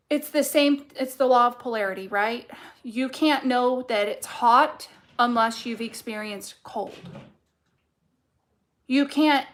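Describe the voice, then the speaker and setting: A young woman with a fairly high voice reads tarot cards in a loose, casual way. She is blunt and fired up, and she swears constantly as she presses her point home. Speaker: tarot card reader. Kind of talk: casual collective reading.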